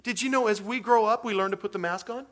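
A man preaching a sermon as pastor, talking conversationally with jokey asides and acting out little quotes. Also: quick pace. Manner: animated, acts out quotes with big pitch swings.

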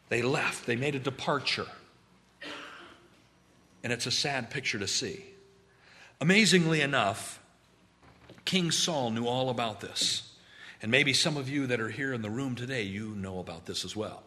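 A man's voice: mid-range voice, moderate pace, sharp tone. A man preaching a sermon in church, emphatic and drawn out, with repeated phrases. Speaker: pastor.

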